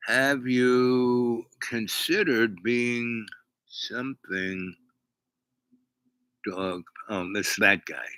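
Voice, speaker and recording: A man's voice: mid-range voice, fairly even intonation, extremely slow, long pauses, pushed and bright, smooth, no echo, rough recording. A man hosting a livestream, telling a meandering story to his chat with many fillers and restarts. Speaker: livestream host.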